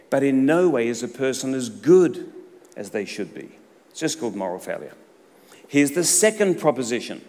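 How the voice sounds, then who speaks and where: A middle-aged man delivers a sermon, his voice at an ordinary pitch for a man. He swings between loud, emphatic bursts and hushed, low phrases. The sound carries a long reverb from the church hall. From Australia. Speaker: pastor.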